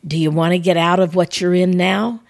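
A woman's voice: lowish voice, fairly even intonation, brisk, gravelly, a little mellow. An older woman who hosts a ministry podcast, giving an earnest devotional talk straight to her listeners. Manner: earnest, conversational, addresses listeners directly.

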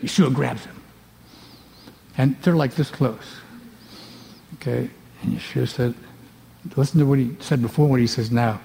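A man preaching a sermon, animated, acting out the scenes and swinging between loud bursts and hushed asides. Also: mid-range voice, unhurried, gravelly, long pauses. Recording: long reverb of a large hall.

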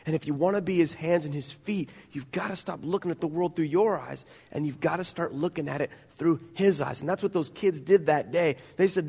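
A middle-aged man preaching a sermon as pastor, earnest and growing animated, with stumbling restarts. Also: fairly high pitch, normal speed, gravelly, husky, in a large hall.

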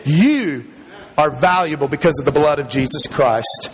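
High-voiced pastor preaching in a reverberant hall. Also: male voice, normal speed, breathy edge. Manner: emphatic, builds in pitch and loudness, chuckles between points. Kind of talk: sermon. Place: church in front of a congregation.

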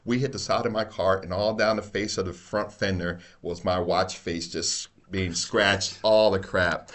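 A middle-aged retired police officer telling animated stories in casual chat, swearing and laughing often. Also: male voice, deep voice, normal speed, hardly any pauses. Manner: animated storyteller, swears freely, laughs a lot.

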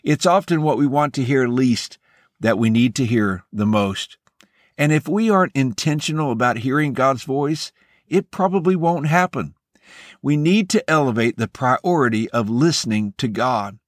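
A man hosting a devotional podcast, speaking in an earnest, measured and encouraging way as he delivers a scripted message. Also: mid-range voice, lively intonation, no room sound, clean studio sound.

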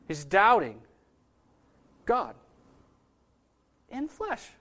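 Guy preaching a sermon, high voice, chatty, asks the crowd stuff. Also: lively intonation, unhurried, fairly bright tone. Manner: conversational, asks the audience questions.

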